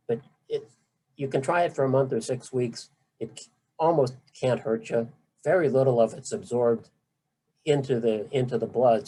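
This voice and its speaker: A middle-aged man lecturing patients on nerve pain treatment in a relaxed, conversational way. His voice sits in a mellow, warm register at a middling pitch. He speaks with emphasis and friendly asides. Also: low-quality recording. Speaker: physician lecturer. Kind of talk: medical talk to patients.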